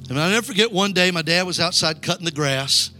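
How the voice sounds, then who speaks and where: High, bright-voiced evangelist preaching a sermon. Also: male voice, animated, quick pace, soft background music. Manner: call-and-response preaching, urging the crowd to repeat lines. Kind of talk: revival sermon. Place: church sanctuary.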